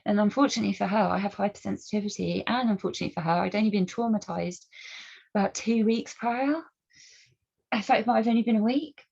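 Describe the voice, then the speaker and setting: A woman's voice: mid-range voice, quick pace, creaky, darkish tone, slightly rough. A woman speaking earnestly to camera as a campaigner, asking pointed rhetorical questions and often restarting her sentences. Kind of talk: personal commentary and storytelling. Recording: dull lo-fi recording.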